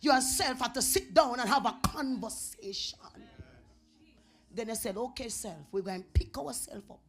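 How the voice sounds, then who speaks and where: A Jamaican woman preaching a revival sermon in a church, dropping to whispers and rising to shouts. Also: fairly high pitch, moderate pace. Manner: swings from whispers to shouting, chanted tongues. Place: church sanctuary.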